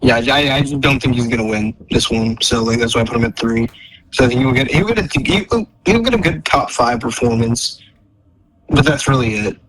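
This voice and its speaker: A young man with a middle-pitched voice keeps his podcast picks short and dry. He speaks in a casual, low-key way. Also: normal speed, a bit bright, low-quality recording. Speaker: podcast co-host. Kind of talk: casual sports picks chat.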